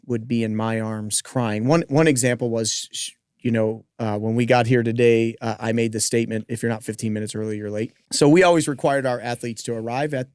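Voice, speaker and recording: A man who hosts a podcast and coaches gymnastics, telling a personal story in a lively way with joking asides. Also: mid-range voice, no room sound, clean studio sound. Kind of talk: casual interview storytelling.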